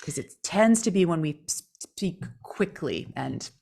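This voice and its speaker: A gravelly, husky, fairly low voice belongs to this woman from California, a voice coach co-hosting a relaxed podcast. She speaks without hurry, expressively playing with her intonation to demonstrate her points.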